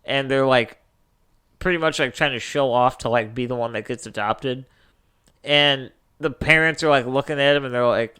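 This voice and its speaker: A young man co-hosting a casual podcast chat, animated and swearing freely as he retells movie scenes. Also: medium pitch, normal speed, clean tone. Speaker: podcast co-host.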